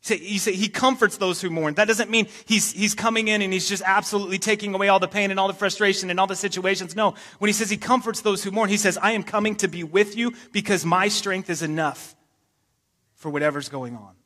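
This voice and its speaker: A man's voice: high voice, fairly even intonation, fast talker, bright, forceful tone, in a large hall. A man preaching a sermon, talking in a casual way with joking asides and reading scripture with emphasis. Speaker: pastor. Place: church sanctuary.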